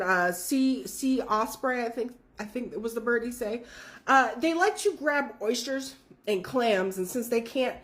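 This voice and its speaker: Young woman, casual storyteller, lively and profane, slightly high pitch. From California. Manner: animated, profane, laughing storyteller.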